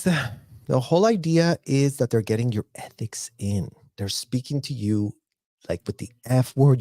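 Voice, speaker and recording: A man's voice: mid-range voice, warm tone, dry recording. A man narrating a critical commentary video. He sounds indignant and mocking, and he often mimics the people he criticizes. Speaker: commentary vlogger.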